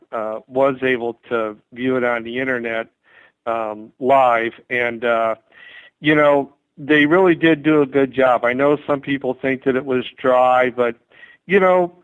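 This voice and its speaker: A man calling in as a guest commentator, giving measured political views with frequent hesitations. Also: medium pitch, clean tone, dry recording. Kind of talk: political commentary on a call-in interview. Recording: dry, tinny phone line.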